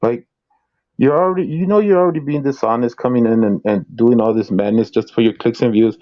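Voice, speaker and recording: A man's voice: medium pitch, fairly quick, dull audio. A man co-hosting a casual video reaction chat, rambling and repeating words as he talks, often laughing.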